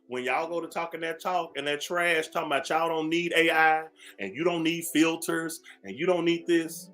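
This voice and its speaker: Sassy, bright-voiced male radio host. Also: on the high side, moderate pace. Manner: sassy, preachy, calls listeners "baby"; emphatic, repeats phrases for effect. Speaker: radio morning show host. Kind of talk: talk radio rant.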